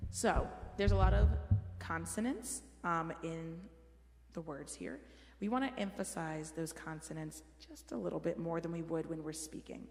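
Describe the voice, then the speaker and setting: With a deep, darkish voice and vocal fry, a woman directs a church choir rehearsal at a moderate pace, casually encouraging the singers on diction and dynamics. The sanctuary sounds roomy, with music in the background.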